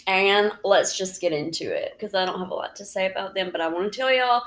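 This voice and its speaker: A woman co-hosting a podcast and telling the story, relaxed, chatty and teasing. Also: medium pitch, brisk. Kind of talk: casual chat.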